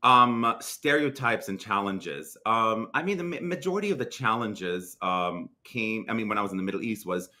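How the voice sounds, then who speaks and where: A young adult man from Lebanon with a Lebanese accent, talking as an interview guest in an animated, casual way with many restarts and fillers. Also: lowish voice, normal speed, few pauses.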